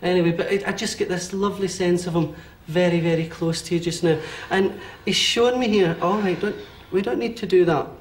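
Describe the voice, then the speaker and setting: Animated Scottish man, slightly high voice. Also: a little hiss or hum. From Scotland. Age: 40s. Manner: animated, quick, thinking aloud with many fillers and checks. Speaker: medium giving a reading. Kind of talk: live one-to-one reading before an audience.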